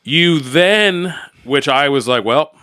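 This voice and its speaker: A man's voice: medium pitch, expressive, normal speed, sharp tone. A man co-hosting a podcast in casual chat, who often restarts his sentences and swears now and then. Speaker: podcast co-host.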